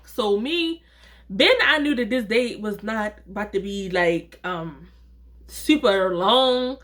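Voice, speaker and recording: A woman telling a personal story in a casual vlog, chatty and animated, acting out the dialogue and talking straight to her viewers. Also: on the high side, unhurried. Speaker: vlogger, storyteller.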